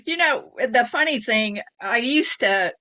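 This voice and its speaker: A woman's voice: fairly high pitch, lively intonation, measured pace, bright, forceful tone. A woman co-hosting a casual chat, teasing and laughing easily.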